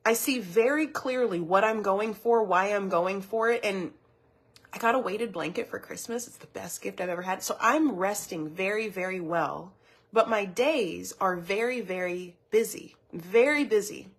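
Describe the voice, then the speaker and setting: Husky, earnest woman coaching on rest. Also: medium pitch, moderate pace. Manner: earnest, personal, repeats words while thinking. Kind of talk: motivational teaching talk.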